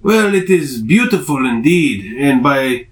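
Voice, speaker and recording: A man's voice: mid-range voice, big pitch swings, roomy sound. A man playing his character in a tabletop game, talking hesitantly with fillers. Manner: halting, hesitant in-character talk. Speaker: player. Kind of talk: in-character tabletop role-play.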